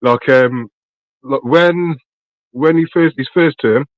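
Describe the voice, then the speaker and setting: A man's voice: mid-range voice, slow, no room sound. A British man on a call, talking in loose, slangy chat full of swearing and ums. The line is dull and lo-fi, and the voice sits dry and close. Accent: British English. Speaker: caller.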